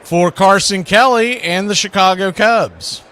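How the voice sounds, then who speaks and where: A man calling baseball play-by-play on an internet radio stream, trading pitch calls for chatty stories and laughing as he tells them. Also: measured pace, a bit bright, slight background noise. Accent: American. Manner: chatty, laughs while telling anecdotes. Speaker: play-by-play announcer. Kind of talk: play-by-play commentary mixed with storytelling.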